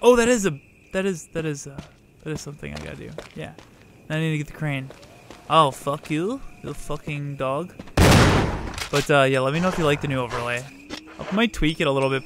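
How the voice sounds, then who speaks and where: A young man streaming a game, chatting casually with viewers, swearing freely and shouting at the game. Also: on the high side, slight background noise. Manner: profane, chatty, outbursts at the game, greets viewers. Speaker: let's play streamer. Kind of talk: casual live-stream gaming commentary.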